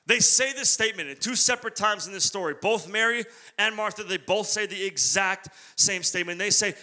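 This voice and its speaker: Youth pastor, young man, bright ringing voice, laid-back slangy sermon delivery. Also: sits high, a little fast. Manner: casual, slangy, animated storytelling.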